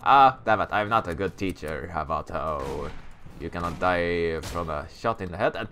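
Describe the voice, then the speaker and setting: A man doing let's play commentary on a shooter game, excitable and joking, yelling at enemies. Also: deep voice, normal speed, a little hiss or hum. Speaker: gaming YouTuber.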